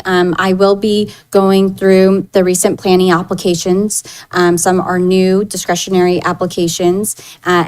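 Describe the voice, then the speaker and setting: Lower-voiced woman planner reading reports. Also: darkish tone, smooth, low-quality recording. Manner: businesslike, reading figures with fillers. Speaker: principal planner. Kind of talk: staff report at public meeting.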